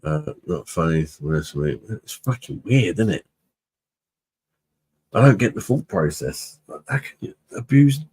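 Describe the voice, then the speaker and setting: A man's voice: lowish voice, big pitch swings, unhurried, a little mellow, slightly rough. A man hosting a live-stream beer review, chatting casually with viewers in a blunt, sweary way and laughing often.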